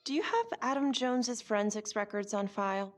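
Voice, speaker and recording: A composed district attorney, played by a woman, questions police officers calmly and formally in a game. Her voice sits at a medium pitch and stays even. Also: brisk, faint music behind, lightly acted. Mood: probing.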